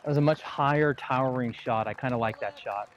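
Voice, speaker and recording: A man playing golf and co-hosting a livestream outdoors, talking in a relaxed, dry, joking way. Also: medium pitch, brisk, a faint crowd, slight background noise. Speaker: golf livestream co-host and player. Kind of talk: casual on-course chat.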